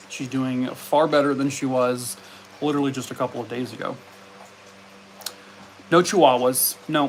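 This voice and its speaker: A man's voice: medium pitch, a bit bright, a little hiss or hum. Chatty man on a live stream. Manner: chatty, talks to his pets in a cooing voice. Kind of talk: casual live stream chat.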